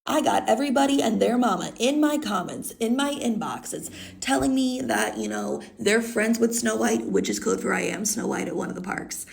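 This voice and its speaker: A woman's voice: on the high side, very animated, normal speed, vocal fry. A woman in her thirties with a congested, stuffy nose, telling a story to her phone camera in a chatty, blunt way and swearing freely. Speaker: content creator. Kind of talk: casual storytime vlog. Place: indoors, green-screen setup.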